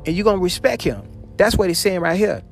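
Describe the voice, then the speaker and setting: A man preaching a sermon on scripture with fervor. He repeats phrases, calls out hallelujah often, and swings between loud calls and low murmurs. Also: expressive, fast talker, vocal fry, soft background music.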